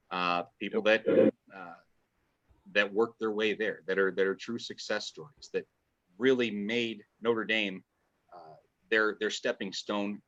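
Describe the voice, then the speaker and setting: A man with a lowish, somewhat bright voice guests on a podcast as a fan writer, chatting enthusiastically and rambling with restarts. The audio is dull and lo-fi.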